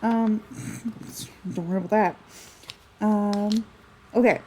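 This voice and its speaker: A woman's voice: medium pitch, steady tone, slow, mellow, slight background noise, rough recording. A woman narrating as game master of a tabletop game, chatty and rambling with lots of fillers. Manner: chatty, rambling, with many fillers and self-corrections.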